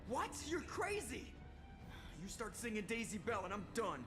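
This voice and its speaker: A man's voice: high-pitched, sing-song, music in the background. An actor voicing a wisecracking, sarcastic male starship pilot in a video game. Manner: sarcastic, quick.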